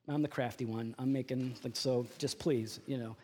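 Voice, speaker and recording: A man preaching a sermon who quotes his frightened young wife in a quiet, shaken voice. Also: medium pitch, steady tone, normal speed, breathy edge, voice pushed down, close to an everyday voice.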